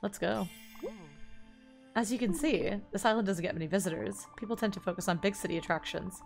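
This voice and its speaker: A woman reading aloud the lines of a chirpy island tour guide from a game, rattling them off quickly. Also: mid-range voice, creaky, soft background music, natural voice. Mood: brisk. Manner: rapid reading of game dialogue.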